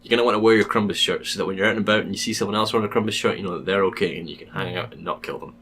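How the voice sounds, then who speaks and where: A man co-hosting a casual podcast, quick and wry, talking in long run-on sentences. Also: fairly low pitch, a bit bright. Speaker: podcast co-host.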